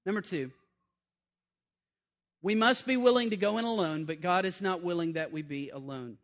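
A high-pitched man delivers a sermon in a lively, conversational way. He repeats key lines, stumbles over restarts, and checks in with his listeners. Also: normal speed. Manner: animated, conversational preaching with repetition and asides. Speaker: preacher.

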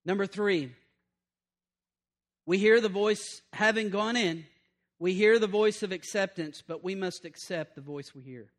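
A high-pitched man delivers a sermon in a lively, conversational way. He repeats key lines, stumbles over restarts, and checks in with his listeners. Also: measured pace. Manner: animated, conversational preaching with repetition and asides. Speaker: preacher.

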